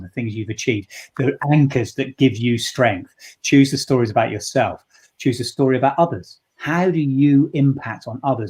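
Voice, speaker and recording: Man, husky, mid pitch, earnest interview answers, reflective, stop-start phrasing. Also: darkish tone. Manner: earnest and reflective, with many restarts. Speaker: leadership coach.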